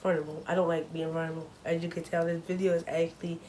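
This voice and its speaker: A woman's voice: fairly low pitch, flat delivery, racing, warm tone, a little hiss or hum, low-quality recording. A young woman talking casually to her camera at home, chatty and full of fillers, openly nervous. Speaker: vlogger.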